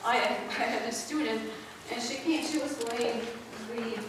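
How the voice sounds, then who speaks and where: A woman piano professor giving a lively workshop lecture at a conference, teasing the room with questions. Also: a little high, measured pace. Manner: animated, playful, draws listeners in with questions. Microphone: distant room mic. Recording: echoey hall recorded from far off, noisy.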